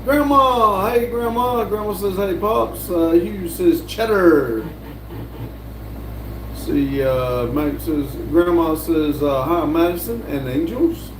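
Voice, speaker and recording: A man hosting a live stream, his voice a bit high for a man and his pace unhurried and drawling. He reads chat messages aloud and chats back casually. The sound is roomy and echoey, with a faint hiss behind him. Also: animated. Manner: slow, drawling, reads comments aloud with fillers. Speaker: livestream host reading chat. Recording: echoey room with faint background noise.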